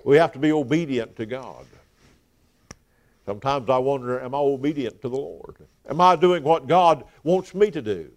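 A man's voice: medium pitch, normal speed. A man preaching an evening sermon, speaking emphatically, repeating key words and letting his phrases fall away at the ends.

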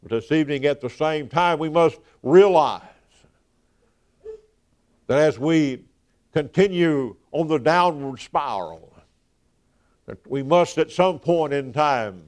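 Male preacher, emphatic evening sermon, repeats words for weight, trails off low. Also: lively intonation, slow, long pauses, darkish tone. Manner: emphatic, with repeated words and falling phrase ends.

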